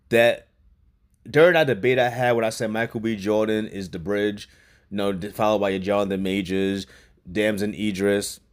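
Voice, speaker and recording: A man talks through a movie review in a loose, unscripted way. His voice sits a bit low. He swears casually and doubles back on his phrases as he thinks aloud. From New York. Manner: loose and profane, repeats himself, laughs often. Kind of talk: casual spoken film review.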